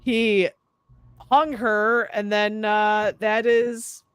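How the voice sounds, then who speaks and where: A woman's voice: medium pitch, extremely slow, clear, resonant tone, dry recording. A young adult woman hosting a horror review show, retelling a movie in casual chat with lots of swearing and quoted lines. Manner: profane, animated retelling with quoted voices.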